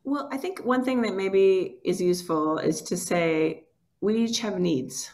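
A woman's voice: mid-range voice, measured pace, darkish tone. An earnest woman guest recounts personal stories in a candid, conversational way. Her talk is loose and full of "like" fillers. The sound comes from a video call. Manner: earnest, emotional, many "like" fillers. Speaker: documentary filmmaker guest.

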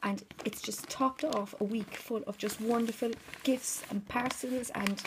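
A woman opening craft gifts on camera, gushing and overwhelmed, slipping between hushed whispers and excited exclamations. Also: on the high side, measured pace, hardly any pauses, background noise. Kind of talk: unboxing chat, often whispering. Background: crinkling paper and packaging.

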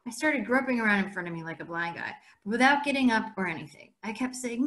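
Brief: female teacher, reads aloud to class, relaxed steady delivery. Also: mid-range voice, quick pace, hardly any pauses. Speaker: English teacher. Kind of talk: reading a novel aloud.

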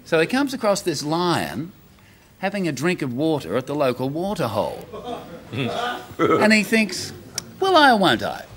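Lively, high, animated Australian comic. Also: male voice, a little slow, long pauses, slight background noise. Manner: lively, animated storyteller with sound effects. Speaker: comedian telling jokes. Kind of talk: joke telling on a TV variety show. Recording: TV studio with audience. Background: studio audience laughter.

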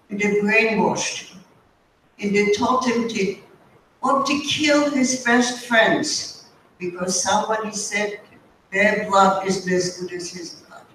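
An older woman, a guest speaker, shares a storytelling testimony in a high school auditorium, speaking slowly and deliberately. Her voice is mid-range and fairly bright. A distant mic picks her up in the echoey hall, with faint background noise.

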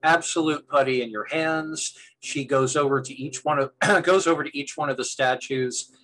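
A man's voice: a little high, moderate pace, pushed and bright, a little hiss or hum, rough recording. A man running a tabletop game as game master, narrating in a meandering way with frequent restarts.

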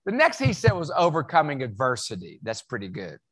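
Huge pitch swings mark this man's mid-range voice, which is brisk, fairly bright, and slightly rough. He's a folksy, joking keynote speaker from West Virginia with a Southern American accent, delivering a humorous motivational talk at an event hall.

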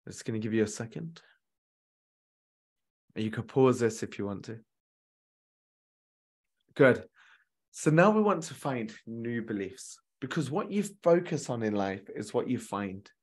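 A man's voice: medium pitch, animated, measured pace, long pauses. Male relationship coach, mid-range voice, earnest motivational delivery, repeats lines for emphasis. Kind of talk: motivational coaching talk to viewers.

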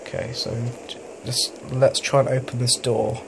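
A young gaming YouTuber casually narrates a horror game in his room at home, with family noise coming from downstairs. His mid-range voice is flat and creaky, his pace moderate, and there's background noise; he rambles, hesitates, and laughs when scared.

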